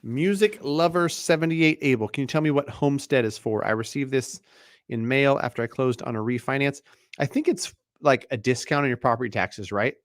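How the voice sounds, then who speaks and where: A man hosting a live mortgage Q&A stream, talking in a relaxed, chatty way with lots of fillers and restarts, sounding tired. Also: medium pitch, brisk, no room sound, studio quality. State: tired, yawning.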